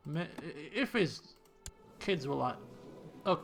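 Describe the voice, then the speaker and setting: Lively man commentating a game. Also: on the high side, takes it slowly, creaky, long pauses, faint music behind. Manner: joking, thinks aloud, jokey asides. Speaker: let's play host.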